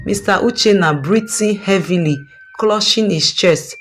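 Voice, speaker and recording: A woman narrating a dramatic family story in an expressive, scripted way. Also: lowish voice, a little slow, a little hiss or hum.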